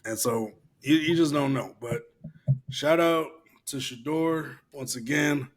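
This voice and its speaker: Slow-paced with a slightly high voice, this laid-back podcast co-host chats casually, cursing loosely and laughing as he reads aloud.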